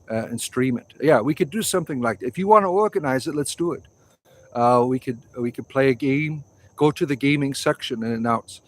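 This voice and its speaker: A man in his forties hosting a casual livestream outdoors, rambling through viewer comments and swearing freely. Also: medium pitch. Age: 40s. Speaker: livestream host.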